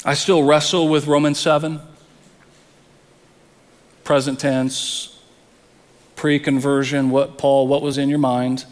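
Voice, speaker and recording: A man's voice: mid-range voice, little pitch movement, slow, pauses often, long reverb tail. A man preaching a sermon as pastor, earnest, often repeating words as he presses a point.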